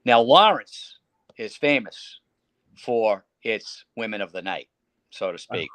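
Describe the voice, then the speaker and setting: Man, boston accent, radio entertainer, animated storyteller, dry close sound. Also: on the low side, takes it slowly, vocal fry, no room sound. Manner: animated anecdote teller who slips into put-on voices. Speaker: guest; radio entertainer and prank caller. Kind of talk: storytelling in a casual interview.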